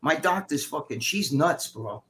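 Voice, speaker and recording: A man's voice: on the high side, unhurried. A middle-aged man casually telling stories on a live stream, swearing freely and acting out what other people said. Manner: profane, animated, acts out quoted dialogue. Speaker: guest co-host.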